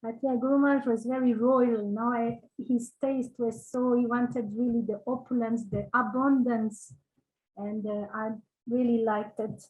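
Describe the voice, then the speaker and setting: A woman sharing personal memories in casual, halting speech, searching for words with many fillers and little laughs. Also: a little high, fairly even intonation, a little mellow, low-quality recording. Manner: laughs between phrases. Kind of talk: casual spoken reminiscence.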